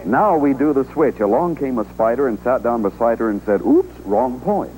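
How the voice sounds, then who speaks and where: A man hosting a game show, brisk and wry, on a noisy old 1960s television broadcast. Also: mid-range voice, expressive, a little mellow.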